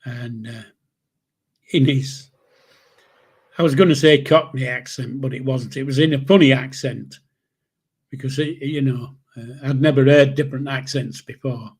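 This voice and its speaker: Speaking at a normal speed with frequent pauses, a husky, medium-pitched voice keeps a steady tone. It belongs to a channel host from Yorkshire, England, a man in his seventies who tells a rambling personal story casually, swears freely and often starts his sentences over.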